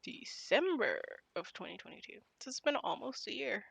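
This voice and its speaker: A woman's voice: medium pitch, sing-song, normal speed, vocal fry, husky, no echo. A woman streaming a game live, chatting casually with her viewers and laughing often.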